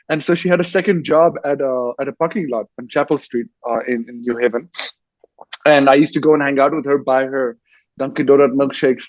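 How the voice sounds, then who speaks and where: A man's voice: medium pitch, steady tone, a little fast, dry recording, dull audio. A man who grew up in Dubai, an author and war correspondent, telling his story on a festival panel with frequent restarts. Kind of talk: panel discussion.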